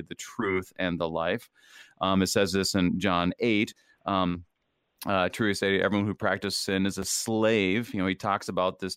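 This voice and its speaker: A man with a fairly low voice talks through a scripture passage in a relaxed, chatty way. He asks his co-host questions and jokes along. The sound is dry and close, with no room around it. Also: clean tone, dry recording. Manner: chatty, laughs, puts on shouted movie quotes. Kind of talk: casual Bible study discussion.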